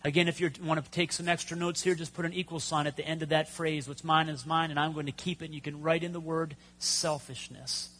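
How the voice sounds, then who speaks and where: A man preaching a sermon, telling stories with pauses and sudden loud emphasis. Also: on the high side, flat delivery. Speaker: pastor.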